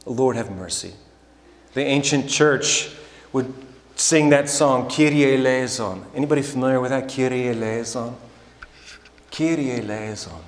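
A man preaching a sermon in a church, slow and deliberate, building to emphatic passages. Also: medium pitch. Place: church sanctuary. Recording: echoey hall with long reverb.

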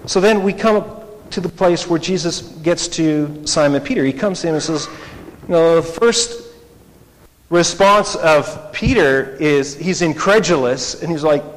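Male preacher, lively and conversational, fairly high voice, reverberant hall with faint noise. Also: measured pace. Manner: animated, conversational, rhetorical questions. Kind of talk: sermon.

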